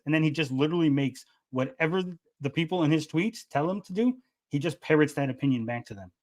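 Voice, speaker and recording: A man's voice: fairly high pitch, lively intonation, fast. A man arguing heatedly and insistently, often interrupting and repeating himself. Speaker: debater. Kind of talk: heated argument.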